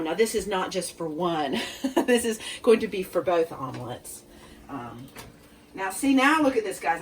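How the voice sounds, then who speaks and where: A woman's voice: lowish voice, recorded from a distance, slight background noise. A woman hosting a home cooking demonstration, chatty and self-deprecating, talking straight to her viewers. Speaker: cooking show host. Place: home kitchen.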